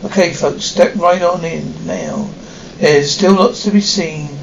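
A man's voice: on the high side, measured pace, gravelly, far from the mic, a little hiss or hum. An actor playing a folksy tour guide in a TV series, talking with drawling showman patter as he leads visitors around a ghost town. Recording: dull roomy TV soundtrack.

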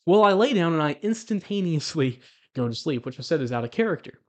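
Animated man telling a spiritual testimony. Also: a little high, a little fast. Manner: animated, chuckles as he tells it; preachy exhortation. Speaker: Christian video blogger. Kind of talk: testimony storytelling.

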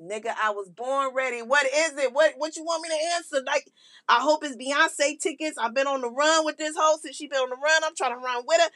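A woman voicing a laid-back young woman calling in to a radio show, talking in a slow slangy drawl and bargaining her way out of things. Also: high voice, a bit bright, no echo, studio quality. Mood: nonchalant.

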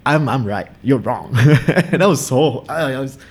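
A man's voice: mid-range voice, lively intonation, a little slow, breathy edge. A man around his thirties in a casual podcast chat, reflective and confessional, often repeating words.

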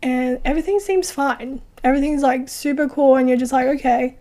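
Woman, high voice, casual chat, animated, swears a lot. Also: a little fast. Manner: animated and profane, swearing often, laughing between lines. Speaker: podcast co-host recapping a film.

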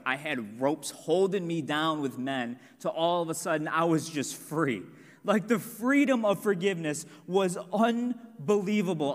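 A young man preaching a sermon with earnest personal testimony, building to emphatic points. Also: fairly high pitch. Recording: long hall reverb.

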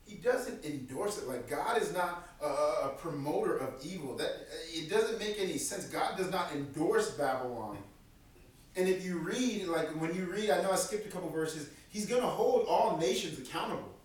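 Animated male preacher, high voice, boomy hall sound. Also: normal speed. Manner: animated, acts out voices of God and prophets. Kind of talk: sermon. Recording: echoey room from far off.

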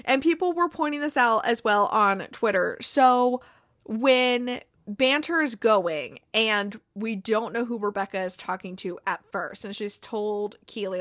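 A woman giving a casual, animated recap of a TV episode, swearing freely and acting out the characters' lines. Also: on the high side, no echo, studio quality.

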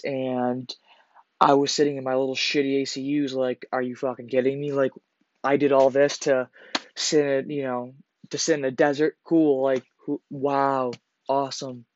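A man's voice: mid-range voice, level tone, moderate pace, darkish tone, dry recording. A man hosting a podcast, casually telling a personal story in a rambling, profane way, full of fillers and restarts. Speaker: podcast host. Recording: slightly dull lo-fi recording.

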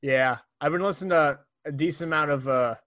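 A man's voice: a little high, brisk, sharp tone. A young man co-hosting a podcast, joking and teasing in casual chat. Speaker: podcast co-host.

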